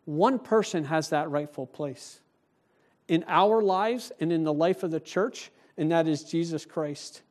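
A male pastor preaching a sermon in a church, animated and conversational, speaking directly to the congregation. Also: fairly high pitch, measured pace.

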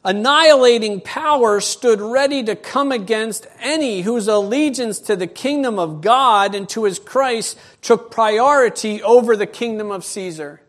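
A middle-aged male pastor preaching a sermon, telling a personal story in an animated way and acting out the voices. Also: high voice, unhurried, few pauses.

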